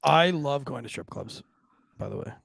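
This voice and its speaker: A man's voice: medium pitch, animated, normal speed, gravelly, a bit bright, dry recording, clean studio sound. A man co-hosting a podcast in casual chat, crude and joking, swearing freely. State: married. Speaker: podcast co-host.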